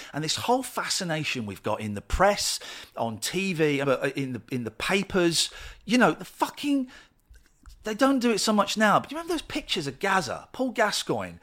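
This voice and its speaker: Man, radio host as guest, lively voice, heated rant. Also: mid-range voice. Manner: impassioned, swearing ranter. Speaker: podcast guest, radio presenter. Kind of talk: candid conversational interview.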